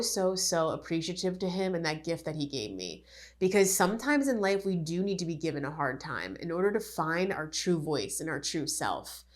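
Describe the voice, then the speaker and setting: A woman from Connecticut, a life coach, telling her own story in an earnest, candid podcast monologue. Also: lowish voice. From Connecticut, USA. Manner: candid, earnest, acts out quoted dialogue.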